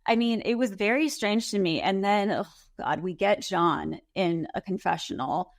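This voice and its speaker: A woman's voice: medium pitch, normal speed, no echo, studio quality. Exasperated woman retelling drama. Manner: exasperated, acts out quotes. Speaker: podcast co-host. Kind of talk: casual recap chat.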